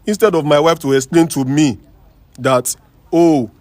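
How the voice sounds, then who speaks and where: A man, a guest on a talk show, telling his personal story in an emotional, halting way and repeating himself. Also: a little high, no echo.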